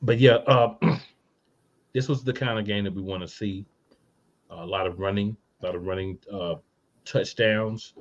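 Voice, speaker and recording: A man's voice: fairly low pitch, steady tone, a little slow, pauses often, highs cut off. A man co-hosting a casual sports podcast, a blunt, fired-up fan who vents and reads out listener comments. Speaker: podcast co-host.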